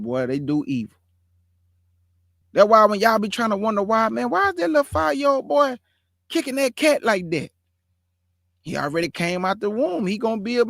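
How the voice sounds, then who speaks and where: High-pitched and a bit bright, this man's voice comes through a dry, studio-quality recording. He hosts his own online show, addressing viewers live with emphatic, repetitive commentary and drawn-out words for effect.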